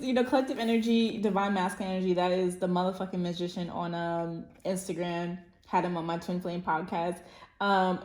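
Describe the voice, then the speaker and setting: A woman giving a casual spiritual tarot reading, rambling and effusive, with lots of fillers. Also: mid-range voice. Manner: meandering, filler-heavy, effusive. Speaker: tarot reader. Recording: roomy echo.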